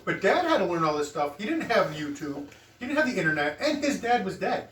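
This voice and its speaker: A man's voice: high-pitched, very animated, a little fast, fairly bright tone. A man chatting casually at a breakfast table, joking and swearing, often laughing. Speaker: family member at breakfast. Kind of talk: casual chat. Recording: roomy, distant, noisy table recording.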